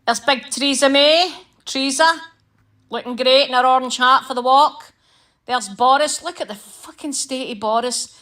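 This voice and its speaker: A woman's voice: high voice, moderate pace, bright, forceful tone. A woman giving sweary, sarcastic running commentary on a livestream, mimicking the people she mocks. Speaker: livestream co-host.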